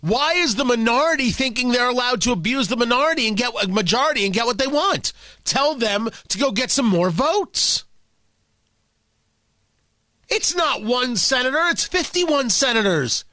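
High, lively talk show man. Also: moderate pace, dry recording. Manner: combative, emphatic, sarcastic. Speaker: political talk show host. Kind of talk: opinionated political commentary.

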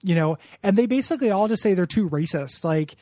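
A man's voice: high-pitched, expressive, fairly quick, warm tone, no room sound, studio quality. A man co-hosting a podcast, chatting casually as he recaps a video game, rambling and acting out the characters' lines. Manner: rambling, laughs while telling, acts out characters' lines. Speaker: podcast co-host.

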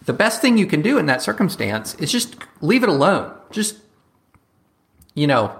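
A man speaking as a guest commentator in a casual interview, talking quickly and animatedly, slipping into mock voices for examples. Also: medium pitch, gravelly, a bit bright.

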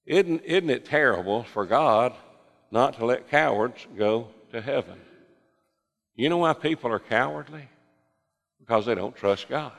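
An older man preaching a sermon, folksy with joking asides, swinging from impassioned fervor to hushed, quiet passages. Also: medium pitch, lively intonation, measured pace, vocal fry, long pauses, big-room sound.

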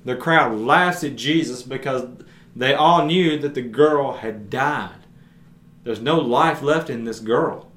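A man of ordinary pitch gives a conversational Bible teaching for his podcast. He retells scripture earnestly in plain everyday words. His voice rings around a roomy, echoing space. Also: slow pace, fairly bright tone. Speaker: podcast preacher. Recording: roomy echo.

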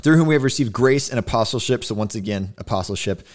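A man's voice: mid-range voice, animated, fast. A man hosting a podcast, explaining scripture in casual chat and often checking in with "right?". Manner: emphatic, keeps asking "right?". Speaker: podcast host teaching scripture.

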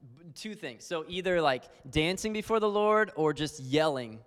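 A man's voice: fairly high pitch, animated, moderate pace, fairly bright tone, smooth. A man teaching on worship in an earnest, conversational sermon style, full of fillers. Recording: long hall reverb.

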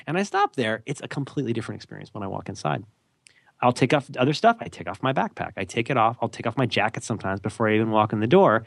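A man's voice: medium pitch, quick pace, vocal fry, no room sound. Guy on a podcast rambling about habits, voice jumps all over, pokes fun at himself, dry close mic. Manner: animated, self-deprecating, rambling with restarts. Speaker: podcast co-host. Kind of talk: casual conversational advice chat.

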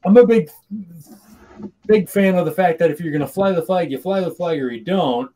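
Man from Minnesota, rambling co-host, a bit high-pitched, loose and chatty. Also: normal speed, mellow. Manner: rambling, many restarts and self-corrections. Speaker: podcast co-host. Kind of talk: casual chat.

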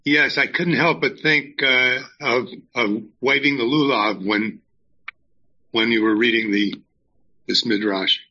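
A man in a class discussion, commenting slowly and with some hesitation. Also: medium pitch, steady tone, sharp tone, dull audio. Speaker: class participant.

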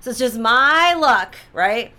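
A young woman telling a story to her followers in casual chat, animated and dramatic, with frequent "right?" asides and exaggerated quoted voices. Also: fairly high pitch, takes it slowly. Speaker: social media storyteller.

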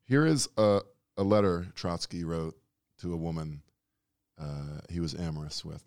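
A man hosting a podcast, telling crude jokes in a wry, deadpan way during casual chat. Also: deep voice, a little slow, clean tone, no room sound, studio quality. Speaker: podcast host.

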